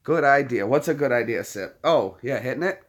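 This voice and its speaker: Man cooing softly to his dogs. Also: medium pitch, expressive, brisk. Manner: soft, cooing baby talk to his dogs. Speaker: channel host. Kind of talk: casual live chat.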